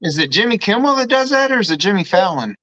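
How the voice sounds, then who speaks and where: A man's voice: high voice, very animated, fast talker, highs cut off, crowd noise. A man joining a casual chat, joking around and playing with words. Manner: jokey, trades wordplay.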